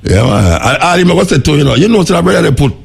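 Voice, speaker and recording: Gravelly Jamaican radio host. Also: male voice, on the high side, fast. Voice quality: raspy, gravelly. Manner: animated, laughing, repeats words, patois. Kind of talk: casual on-air chat.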